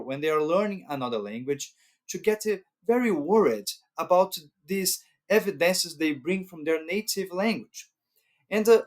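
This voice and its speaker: A man, hosting an educational talk to camera and explaining patiently, often checking in with "right?". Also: fairly high pitch. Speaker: channel host.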